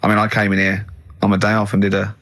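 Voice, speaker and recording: A man's voice: fairly low pitch, monotone, quick pace, a bit bright. A man with an English accent hosting a radio show, teasing his co-hosts, laughing often, and telling anecdotes. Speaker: radio host. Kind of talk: casual radio banter. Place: radio studio.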